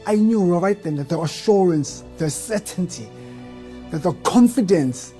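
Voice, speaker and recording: This man's high, dark-toned voice is expressive and a little slow as he shares a personal testimony in church, faint music playing underneath. Stuttering heavily, he repeats the first syllables of words, speaking with earnest emotion that builds to fervent bursts.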